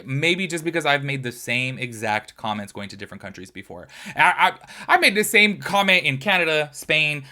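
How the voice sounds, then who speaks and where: Fast-talking, bright-voiced male commentary vlogger. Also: fairly high pitch. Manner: chatty and expressive, often asks "do you know what I mean"; swears casually and uses slang. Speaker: commentary YouTuber. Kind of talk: casual commentary vlog.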